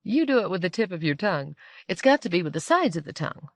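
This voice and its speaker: A woman reading the part of an older aristocratic woman, curious and a bit haughty, with a lively, inquisitive delivery. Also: fairly low pitch, fast talker, no echo, pitched above the performer's own voice. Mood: playful.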